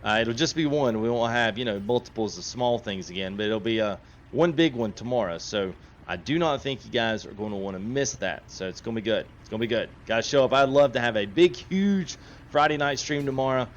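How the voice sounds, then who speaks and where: A man's voice: medium pitch, animated, fairly quick, dull audio, a little hiss or hum. A man hosting a gaming livestream, chatting casually and reading chat aloud. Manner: chatty, laughs often, reads chat aloud.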